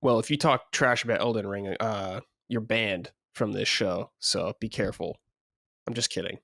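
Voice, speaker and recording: A man's voice: lowish voice, normal speed, creaky, fairly bright tone, no echo, studio quality. A man hosting a gaming podcast in a joking, easygoing casual chat. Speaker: podcast host.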